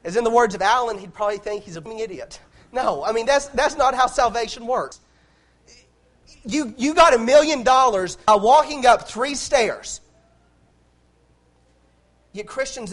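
High-voiced man preaching with fervor. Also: unhurried, long pauses, fairly bright tone. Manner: impassioned, repetitive preaching with frequent restarts. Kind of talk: sermon.

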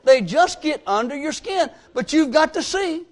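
A man preaching a sermon, telling folksy stories and swinging between emphatic rises and quiet drops. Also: very high voice, lively intonation, moderate pace.

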